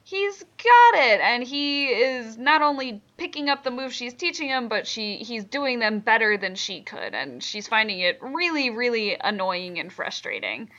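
Woman, podcast co-host, casual recap chat, giggly, slightly high voice, muffled recording. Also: expressive, moderate pace, hardly any pauses, sharp tone. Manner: chatty, giggly, many ums.

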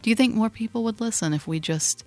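A woman's voice: on the high side, quick pace, darkish tone, dry recording, faint music behind. Playful woman podcast co-host. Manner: playful, teasing. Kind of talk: casual chat.

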